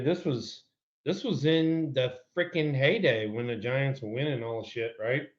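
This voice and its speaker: A former baseball player telling a heated, profane locker-room story on a podcast. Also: male voice, medium pitch, measured pace, lo-fi sound. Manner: heated, profane, acts out his own shouting. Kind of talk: casual sports storytelling.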